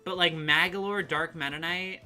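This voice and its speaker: A woman streaming a game, chatting casually and excitedly with her chat and swearing now and then. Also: lowish voice, moderate pace, soft background music. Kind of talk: casual live-stream chat while gaming.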